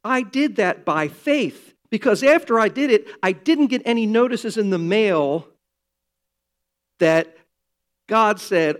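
An older man preaching a sermon, earnest and building to emphatic, loud passages. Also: high-pitched, expressive, takes it slowly. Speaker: pastor.

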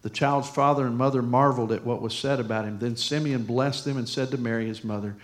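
A man's voice: mid-range voice, fairly even intonation, fast, hardly any pauses. A middle-aged man preaching a sermon as a pastor, folksy and casual, mixing scripture with personal stories.

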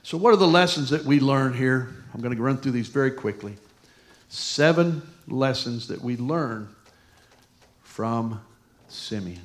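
A man's voice: medium pitch, a little slow. A middle-aged man preaching a sermon as a pastor, folksy and casual, mixing scripture with personal stories.

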